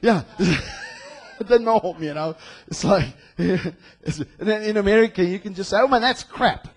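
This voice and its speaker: A man from South Africa preaching a sermon, reading scripture slowly and shifting between quiet asides and loud, passionate proclamations. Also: high voice. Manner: draws out scripture quotes slowly. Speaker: pastor.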